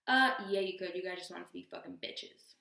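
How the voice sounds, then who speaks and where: A young adult woman telling a storytime vlog with expressive, animated delivery and acted-out quotes. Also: lowish voice, brisk, vocal fry, echoey room. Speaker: vlogger.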